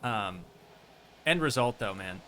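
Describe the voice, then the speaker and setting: A man's voice: mid-range voice, slow, a little hiss or hum. A man streaming a park-building game, chatting casually and rambling along while tired at the end of a long stream. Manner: relaxed, rambling, self-amused.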